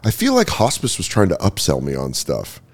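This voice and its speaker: A man's voice: deep voice, fairly quick. A man hosting a podcast, chatting casually and joking with a guest. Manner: animated, jokey, breaks into silly voices and laughs. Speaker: podcast host, comedian. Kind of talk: casual comedic chat.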